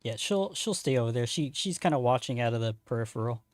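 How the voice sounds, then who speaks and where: A man running a tabletop game as game master, narrating with frequent ums and pauses. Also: mid-range voice, animated, dry recording, clean studio sound. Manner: hesitant, filler-heavy narration.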